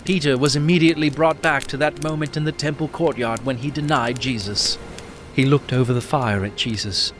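A man narrating a Bible story in a measured, earnest way. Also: mid-range voice, fairly even intonation, slight background noise. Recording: narration over music.

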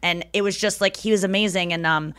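A woman's voice: mid-range voice, fairly even intonation, fairly quick, fairly bright tone, clean tone, no room sound. A woman podcast host telling loose, swearing stories in casual chat. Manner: loose, swearing, storytelling with silly bird-voice impressions.

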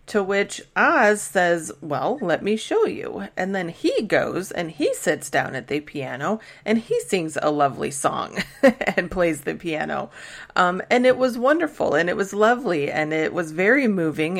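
A woman with a notably low voice talks casually as a podcast host, retelling a TV episode scene by scene. She rambles a little, with many fillers and restarts. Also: a bit bright. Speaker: podcast host recapping a TV show. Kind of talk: casual recap chat.

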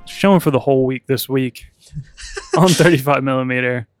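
A man's voice: medium pitch, moderate pace, loud music behind the voice. A man co-hosting a podcast in casual, rambling chat, often laughing. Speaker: podcast co-host.

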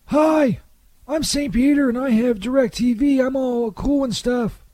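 A man playing a bumbling Saint Peter in a comedy sketch, stammering and quick to take offence. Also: very high voice, dark tone, no echo, heavily acted. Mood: flustered. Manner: stammering, hesitant, touchy.

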